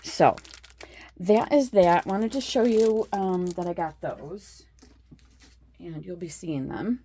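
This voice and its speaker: A woman's voice: lowish voice, slow pace, dark tone. A middle-aged woman in a casual craft show-and-tell, chatting with lots of fillers and admiring asides. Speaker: craft vlogger.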